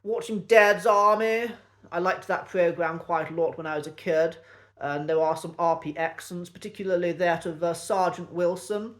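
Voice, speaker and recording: An English man with a posh Received Pronunciation accent, talking to camera in a measured, precise way with frequent pauses and ums. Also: high voice, a bit bright. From England. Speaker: accent teacher and channel host. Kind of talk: reflective solo talk to camera.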